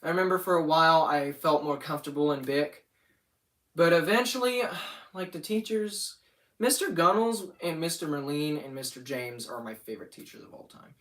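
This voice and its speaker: A man's voice: on the high side, moderate pace, fairly bright tone, recorded from a distance. Rambling young man, a bit off-mic. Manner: rambling, easily sidetracked. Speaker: channel owner. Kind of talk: casual livestream monologue.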